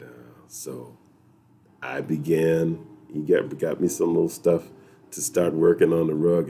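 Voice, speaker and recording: A man from New York, hosting a weekly chat and telling a story to viewers in a lively, laughing way. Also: low-pitched. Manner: animated, laughing, talks straight to viewers.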